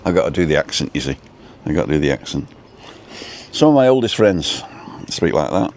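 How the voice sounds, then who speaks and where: A man's voice: low voice, very animated, moderate pace, a little mellow. A man hosting a casual live stream from an outdoor food stop. He rambles between topics and reads out the names of viewers. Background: faint traffic and building work.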